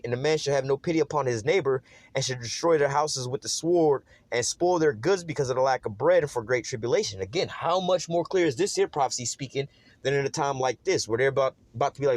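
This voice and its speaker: A man talks through scripture at a brisk clip, casual and streetwise, leaning on "man" and "all right" between thoughts. His voice sits at an ordinary middle pitch and comes across close and dry. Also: no room sound. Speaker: Bible teacher. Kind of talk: informal scripture study.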